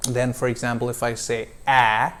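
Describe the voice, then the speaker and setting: A man coaching pronunciation, modeling vowel sounds slowly and deliberately for a learner to repeat. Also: mid-range voice, flat delivery, a bit bright, smooth. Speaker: accent coach. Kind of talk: pronunciation lesson.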